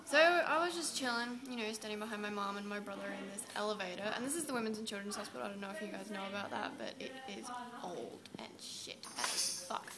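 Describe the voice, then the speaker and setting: A young Australian woman telling a lively, swearing story in a casual chat among friends. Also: mid-range voice, fast, few pauses, a loud crowd.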